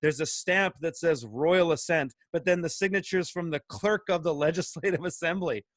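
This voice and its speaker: A man and farmer, talking in an animated, excited way, full of restarts and emphatic questions. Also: on the high side, normal speed, no room sound. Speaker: guest, urban farmer. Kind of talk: animated casual discussion.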